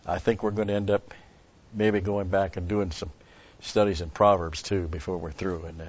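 A man's voice: sits low, flat delivery, moderate pace. A man giving a rambling Bible teaching, stressing key words and restarting his sentences. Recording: dull lo-fi recording.

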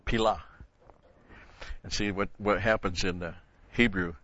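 A man's voice: sits low, fairly even intonation, moderate pace, fairly bright tone, highs cut off, slight background noise. A man giving an expository sermon, explaining Bible verses step by step and rising in emphasis on key words. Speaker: Bible teacher.

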